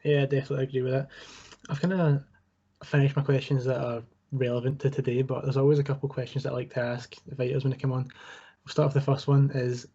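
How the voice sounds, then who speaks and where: A man hosting a casual interview, asking questions in an even, matter-of-fact way, over muffled video call audio. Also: mid-range voice, quick pace, husky. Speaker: interview host.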